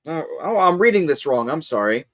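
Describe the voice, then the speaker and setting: A man's voice: a little high, very animated, brisk, a bit bright, dry recording, clean studio sound. Man game-mastering a tabletop session. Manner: laughing, hesitant narration with fillers.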